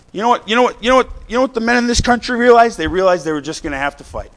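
A middle-aged man preaching a fiery sermon, exhorting the crowd with repeated lines and sudden bursts of shouting. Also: very high-pitched, lively intonation, very fast, hardly any pauses. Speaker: pastor.

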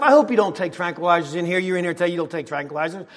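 A middle-aged man preaching a sermon in a church, repeating his phrases and swinging from soft asides to shouts. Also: sits high, racing. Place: church sanctuary. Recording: long hall reverb.

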